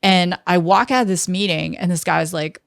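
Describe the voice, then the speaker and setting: A woman in her fifties, a guest in an interview, telling a lively story and acting out what others said. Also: fairly low pitch, normal speed, creaky, dry recording, studio quality. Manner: lively storyteller who acts out quoted dialogue. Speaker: interview guest, tech entrepreneur.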